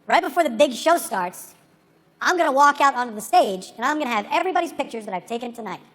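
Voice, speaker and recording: A man doing a pushy fast-talking photographer. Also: very high voice, expressive, a bit bright. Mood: pushy pitch. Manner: rapid, salesy patter. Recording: echoey venue with faint ambience.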